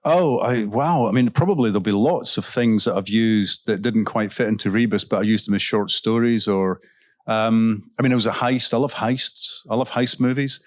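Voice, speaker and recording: A man, an author guest at a literary festival, telling anecdotes onstage and answering audience questions in a relaxed, chatty way with frequent ums and self-corrections. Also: on the low side, normal speed, no room sound. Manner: laughs while telling stories. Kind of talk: casual onstage storytelling and Q&A. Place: stage at a live event.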